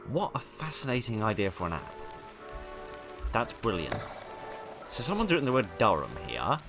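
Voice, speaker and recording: A man's voice: medium pitch, wildly swooping pitch, moderate pace, over music. A British man giving casual commentary while playing a game, rambling and self-mocking with frequent restarts. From Britain. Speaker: let's play gamer.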